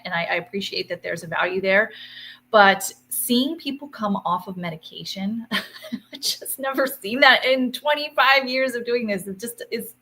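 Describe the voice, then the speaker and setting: A woman's voice: medium pitch, pushed and bright. A middle-aged woman from Arizona, a physician speaking as a guest in a livestream interview, enthusiastic and emphatic.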